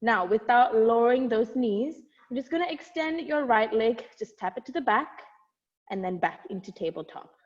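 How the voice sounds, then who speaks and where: A woman's voice: a little high, expressive, normal speed. A young woman leading an at-home barre workout, cueing moves and counting reps, sometimes out of breath, recorded on earbuds. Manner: encouraging cueing with counts, light laughs. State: out of breath at times while exercising. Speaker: barre instructor. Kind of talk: guiding an at-home workout class. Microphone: wireless earbuds. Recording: dull lo-fi sound with long reverb.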